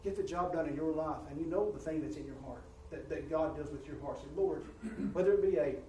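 Guy preaching, kinda high voice, big echoey room, mic far off. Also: fairly quick, warm tone, slight background noise. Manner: preaching with swelling rises in volume and pitch, repeats words. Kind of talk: sermon. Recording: roomy church sound from a distant mic.

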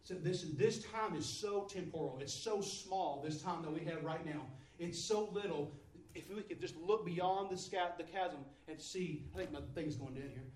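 A man's voice: a little high, moderate pace, a little mellow, echoey room, recorded from a distance, poor audio. A man preaching a sermon, emphatic and repetitive, his voice swelling and dropping. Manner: repetitive, emphatic, rises and drops in volume.

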